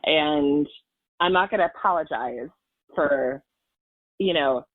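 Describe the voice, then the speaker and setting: A woman's voice: sits low, slow, no echo. A woman in her forties tells a personal story on a podcast with earnest feeling, circling back through fillers and false starts. Her voice comes through a tinny, phone-like line. There is little room sound around her. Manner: earnest and emotional, rambling with many fillers and restarts. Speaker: podcast guest. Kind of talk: personal storytelling in casual chat.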